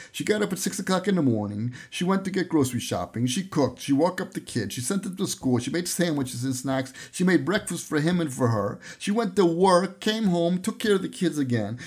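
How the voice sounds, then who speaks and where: A man with a husky, somewhat breathy voice that sits a little high for a man. He teaches a Torah lesson on his podcast in a storytelling way, stepping briefly into the voices of the people he quotes. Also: a little mellow. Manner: retells stories, briefly acting out the people he quotes.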